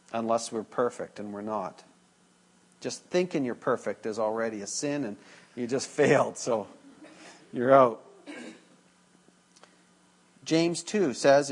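A man preaching a sermon in a casual, conversational way, acting out a classroom story and joking with the congregation. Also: medium pitch. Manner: conversational, acts out dialogue with students, jokes with congregation. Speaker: pastor.

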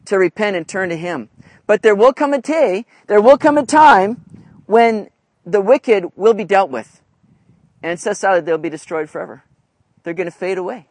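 High-voiced man preaching conversationally. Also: no echo. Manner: conversational, asks "right?" often. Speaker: pastor. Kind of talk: sermon.

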